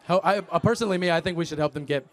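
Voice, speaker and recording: A man's voice: on the high side, very fast, a faint crowd. A young man, a college student, arguing in a campus debate, stammering and repeating himself. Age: young adult.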